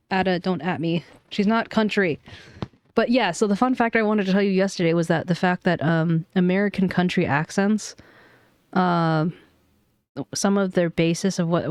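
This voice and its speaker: A woman's voice: fairly low pitch, a little mellow, clear, resonant tone, no echo. A woman streamer chatting casually and self-deprecatingly between game lines, swearing now and then.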